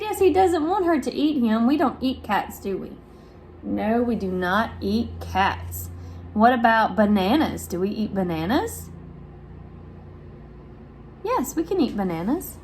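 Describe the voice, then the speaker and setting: This woman is a speech therapist reading a picture book to little kids, slow and sing-song, carefully over-pronouncing sounds and asking them questions. Whenever she gives praise, her pitch leaps dramatically. There's a slight hiss or hum in the background.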